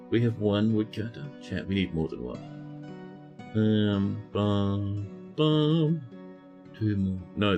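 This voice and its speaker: A man giving chatty live-stream commentary as he plays a game, talking to his chat and scolding the characters on screen. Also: fairly low pitch. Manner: chatty, talks to chat while playing.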